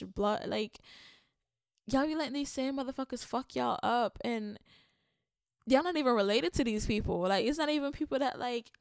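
A young woman with a Jamaican accent talks through a solo podcast, rambling and candid, with plenty of swearing and easy laughs. Her voice sits a little high. The sound is dry and close, with no room around it. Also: no echo. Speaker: podcast host. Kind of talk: casual solo podcast monologue.

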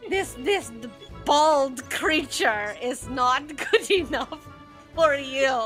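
A woman voicing a domineering hyena-folk mother who speaks slowly, in broken English with a put-on Slavic-sounding accent. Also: high-pitched, expressive, a bit bright, soft background music, full character voice. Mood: scornful.

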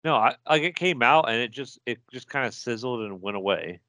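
A man's voice: medium pitch, expressive, a little fast, sharp tone, no echo. A man co-hosting a podcast, chatting casually and giving strong opinions. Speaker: podcast co-host. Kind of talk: casual chat.

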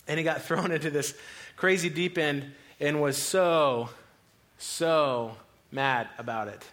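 Guy pastor giving a sermon, kinda high voice, animated storytelling. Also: measured pace.

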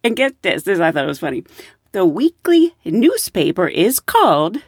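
A woman who lives in the American South, hosting a podcast and telling stories in a casual, animated way, acting out the people in them. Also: fairly low pitch, normal speed. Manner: animated storyteller, acts out quoted voices. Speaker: podcast host, flight attendant.

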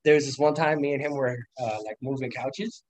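A young man appears as a podcast guest, casually telling rambling stories full of swearing and laughing a lot along the way. His voice is medium-pitched and steady, a bit fast, recorded roughly with no room sound.

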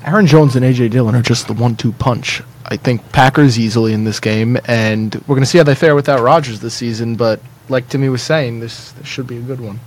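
A man with a middle-pitched voice co-hosts a sports podcast. He states his predictions emphatically and with full confidence. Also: a little fast, hardly any pauses, slight background noise. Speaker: podcast co-host. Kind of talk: casual sports podcast chat.

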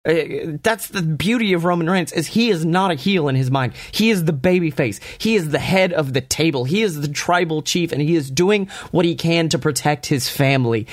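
A young man casually reviewing a wrestling show, excitable and profane, often acting out what the wrestlers say. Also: a little high, no room sound, studio quality. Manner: profane, excitable, acts out quotes.

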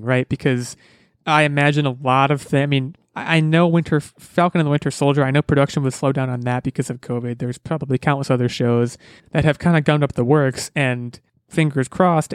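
A man's voice: mid-range voice, clear, resonant tone, no echo. A man hosting a casual gaming podcast, talking in an upbeat, rambling way and often correcting himself mid-sentence. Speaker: podcast host.

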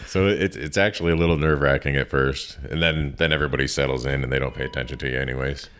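A man in his thirties, a tattoo artist, telling a profane, animated story in a casual interview. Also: rumbling low, fast talker, clean tone.

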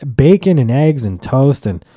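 A man's voice: medium pitch, measured pace, no room sound, clean studio sound. A young man hosting a podcast, telling a rambling, profane, comedic story and acting out the people in it. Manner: profane, rambling, animated storytelling with acted-out quotes. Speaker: podcast host.

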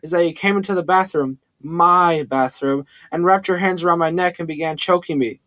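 Cool commanding woman, male narrator, voice a touch high. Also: moderate pace, no echo, natural voice. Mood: cold. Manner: cool and cold.

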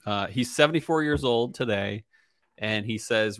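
A man's voice: mid-range voice, moderate pace, fairly bright tone, no echo, clean studio sound. A young man hosting a casual podcast chat, rambling with lots of fillers and easy laughter. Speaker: podcast host.

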